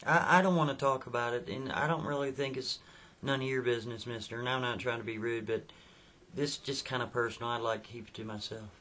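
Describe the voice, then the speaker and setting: A man voicing a frightened young woman hitchhiker in a high, pleading voice. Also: fairly even intonation, fast talker, pushed and bright. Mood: nervous.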